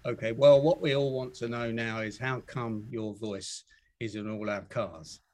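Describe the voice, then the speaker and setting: A man's voice: medium pitch, steady tone, unhurried, darkish tone. Man interviewing a guest. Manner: conversational, leading questions. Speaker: interviewer host. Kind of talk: interview chat.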